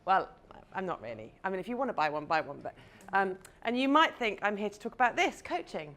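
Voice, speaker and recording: A woman's voice: mid-range voice, big pitch swings, fairly quick, a bit bright. Chatty woman coaching a crowd. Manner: chatty and playful, jokes with the audience. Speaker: confidence coach. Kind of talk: live talk to an audience. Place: stage before a live audience.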